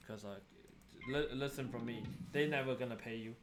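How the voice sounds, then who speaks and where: A man's voice: medium pitch, normal speed, over music. Exasperated young man venting over gameplay. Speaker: gaming streamer. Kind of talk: casual gameplay commentary.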